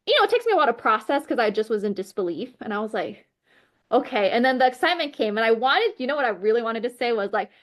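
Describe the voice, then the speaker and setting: A woman's voice: a little high, racing, hardly any pauses. A woman sharing a personal faith testimony as a podcast guest. She talks earnestly with lots of fillers and acts out the dialogue she recounts. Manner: animated storyteller who acts out quoted dialogue; heavy use of "like" and "you know" fillers.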